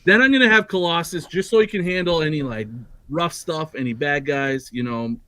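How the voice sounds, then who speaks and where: A man's voice: on the high side, fairly quick, fairly bright tone, no echo. A man chatting casually as a guest on a livestream, rambling with many fillers and restarts. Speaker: guest collector.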